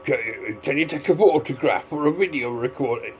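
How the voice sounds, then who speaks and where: A man's voice: mid-range voice, moderate pace, soft background music, poor audio. A man giving a casual, rambling video commentary, drifting between asides. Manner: rambling, digressive, full of fillers and restarts. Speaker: vlogger.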